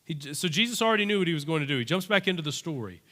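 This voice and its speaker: A male pastor delivering a sermon as animated storytelling, acting out the characters' voices. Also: fairly high pitch, rapid-fire. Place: church. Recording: long church-hall reverb.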